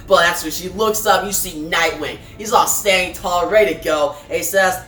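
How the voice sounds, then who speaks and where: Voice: mid-range voice, normal speed, few pauses, a bit bright. A reviewer casually retelling a comic book issue, adding fillers like "right?" and "guys". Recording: echoey room, far from mic, faint music.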